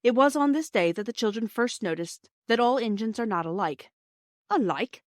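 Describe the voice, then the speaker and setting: A woman reading a classic children's storybook aloud in a measured, expressive way. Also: fairly high pitch, dry recording, studio quality. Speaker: reader.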